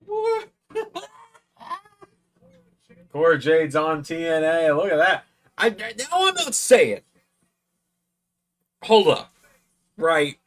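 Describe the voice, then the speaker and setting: A man's voice: on the high side, animated, very slow, long pauses, a bit bright. A tipsy man hosting a live watch-along stream, rambling and swearing a lot as he comments. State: tipsy from drinking. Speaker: stream host.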